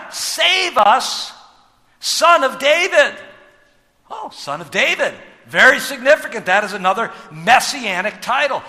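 A pastor with a strikingly high, bright and forceful voice preaches in a church, leaning on rhetorical questions and sudden swells of loudness. His words ring out with a long hall reverb behind them. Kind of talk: sermon.

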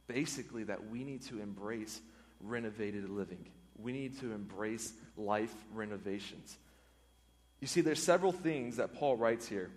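Man preaching in a reverberant hall. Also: medium pitch. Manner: earnest, repeats words and phrases for emphasis. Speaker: pastor. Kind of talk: sermon.

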